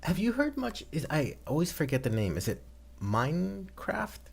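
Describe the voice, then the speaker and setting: A middle-aged American man hosting a casual online discussion, chatty and relaxed, often restarting his sentences. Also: a little high, normal speed, vocal fry, slightly rough. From eastern United States. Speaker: host.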